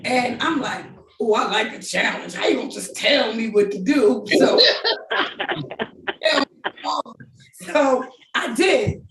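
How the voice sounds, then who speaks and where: A middle-aged woman chats through a personal story, quick to laugh and to act out each line of dialogue. Her voice sits somewhat high, and she sounds a bit distant from the mic in an echoey room with a faint hiss underneath. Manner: animated, laughing, quoting others in voices. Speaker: guest telling her relationship story. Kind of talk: casual storytelling.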